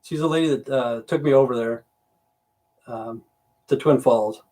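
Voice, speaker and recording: A man's voice: mid-range voice, a little slow, mellow. A man in his fifties or sixties from the United States, rambling bluntly and swearing freely while chatting to viewers on a home livestream. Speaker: livestream host. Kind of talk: casual livestream rant. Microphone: computer mic on a livestream.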